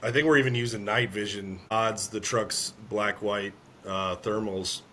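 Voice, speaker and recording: A man, an army veteran, telling a war story in an interview, earnest and halting, often clearing his throat. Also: lowish voice, steady tone, bright, forceful tone, slight background noise.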